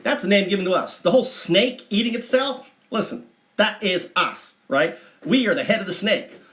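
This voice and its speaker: A man telling a mythic story on a livestream, meandering and halting with many asides. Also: high-pitched, animated, fairly bright tone. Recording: echoey room.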